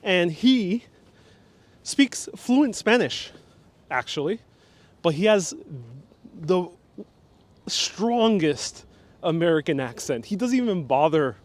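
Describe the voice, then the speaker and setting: A man's voice: high voice, very animated, takes it slowly, long pauses. A man, casually hosting a live walking tour outdoors, chatting and laughing as he reads out viewer comments. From New York, Puerto Rican family. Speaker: live-stream host and city guide. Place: outdoors on a waterfront park. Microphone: phone camera on a gimbal.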